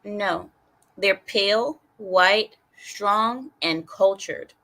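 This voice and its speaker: A woman's voice: medium pitch, extremely slow, fairly bright tone. A woman hosting a casual livestream, reading chat comments aloud in a chatty, rambling way and laughing often.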